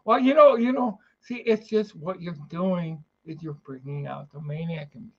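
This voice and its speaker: A man hosting a casual live chat, excitable and quick to laugh, stumbling and repeating his words. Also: fairly high pitch, muffled recording. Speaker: podcast host.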